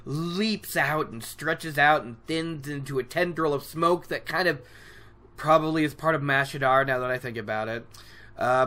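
Slow, bright-voiced podcast host. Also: mid-range voice. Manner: laughs often, animated and self-mocking. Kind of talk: casual book recap.

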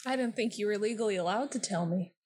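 A woman playing a tabletop game, quick with wry quips. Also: mid-range voice, darkish tone, slight background noise. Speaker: player.

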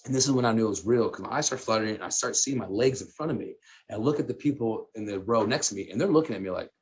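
A man in his thirties, a guest telling a personal story in casual, animated talk, full of fillers and laughter. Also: fairly low pitch, racing, breathy edge.

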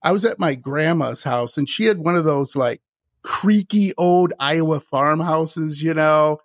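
A man hosting a podcast, telling animated stories, often laughing and acting out the voices of the people in them. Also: a little high, measured pace, dry recording. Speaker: podcast host. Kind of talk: casual storytelling chat.

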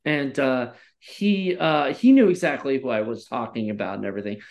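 Animated, laughing podcast co-host. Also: medium pitch, moderate pace. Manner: animated, swears, laughs a lot. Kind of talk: casual chat.

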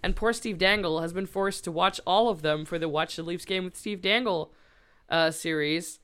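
Woman, podcast co-host, chatty and loose with fillers, very clear resonant tone. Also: lowish voice, normal speed, a bit bright. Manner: chatty, lots of fillers, swears casually. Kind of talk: casual chat.

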